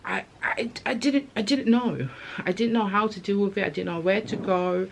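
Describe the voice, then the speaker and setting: With vocal fry and a medium pitch at normal speed, a young English vlogger shares candid, emotional stories about motherhood. She's chatty and slangy, and there's faint noise in the background.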